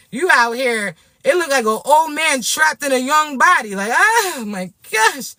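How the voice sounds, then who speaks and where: A woman from Florida, ranting to camera in a brash, profane, animated way. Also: high-pitched, moderate pace, hardly any pauses, no room sound, studio quality. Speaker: vlogger. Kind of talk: casual rant to camera.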